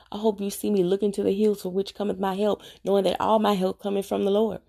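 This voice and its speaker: A woman speaks earnestly to her viewers in a confessional devotional talk. Her voice is dark and mellow, with a gravelly fry running through it. She preaches directly at whoever is listening. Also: mid-range voice, flat delivery, quick pace. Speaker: Christian vlogger sharing her faith journey.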